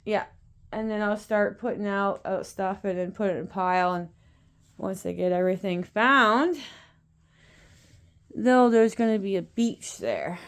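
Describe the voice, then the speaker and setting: A woman's voice: medium pitch, animated, measured pace, pauses often. A woman at home chatting casually while filming her cats, laughing often and cooing at her pets. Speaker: pet vlogger. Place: at home, indoors.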